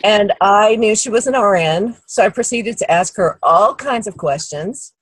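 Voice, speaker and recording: A woman's voice: mid-range voice, animated, moderate pace, slightly rough, no room sound, low-quality recording. A middle-aged woman telling a long personal story on a team call, acting out the people she quotes. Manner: warm anecdotal storytelling, acts out quoted people. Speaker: guest speaker.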